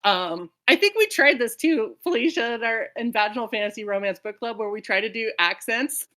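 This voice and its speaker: American woman, book club cohost, kinda high voice, rambly chatty tangents. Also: animated, a little fast, fairly bright tone. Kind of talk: casual chat.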